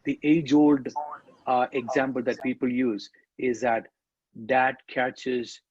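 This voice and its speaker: Husky guy preaching to parents, leans hard on key words, dry dull lo-fi sound. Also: medium pitch, steady tone, slow pace, darkish tone, dry recording. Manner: emphatic, repeats and stresses key words. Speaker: speaker on parenting. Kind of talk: church talk to parents.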